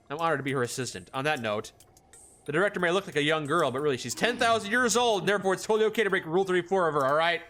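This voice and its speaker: A man's voice: on the high side, lively intonation, very fast, fairly bright tone, soft background music. A man voicing a mischievous, bossy female scientist who looks like a young girl, playing it for jokes in a let's play. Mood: mock-formal. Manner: playful, mock-bossy, jokey. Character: impish girl-looking old female scientist.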